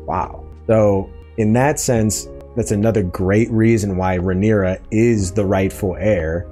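A man's voice: on the low side, a little slow, soft background music. Chatty man hosting a TV recap. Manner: chatty, excitable, acts out quoted lines. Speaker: podcast host. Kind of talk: casual TV episode breakdown.

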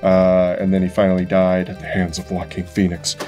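A man's voice: deep voice, completely flat delivery, brisk, a little mellow. Playful guy telling jokes on a craft vlog, faint music behind. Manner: jokey, playful, sings silly improvised tunes. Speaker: co-host. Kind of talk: casual chat.

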